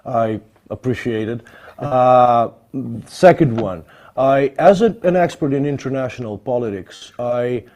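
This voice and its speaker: A man hosting a panel discussion, putting a long question to a guest in a halting way, searching for words. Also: mid-range voice, a little mellow. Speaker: host.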